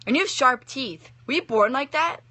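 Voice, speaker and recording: A young woman voicing a bold, chatty little girl in a high, squeaky, blurting voice. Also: lively intonation, moderate pace, pushed and bright, no echo, exaggerated voice. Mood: curious.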